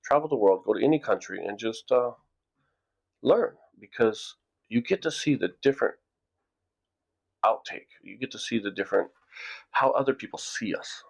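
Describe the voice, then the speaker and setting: A man's voice: lowish voice, animated, normal speed, creaky, pauses often. A middle-aged man from the United States, telling a rambling story to camera in a casual vlog, often repeating words as he goes. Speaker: vlogger. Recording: dull lo-fi recording.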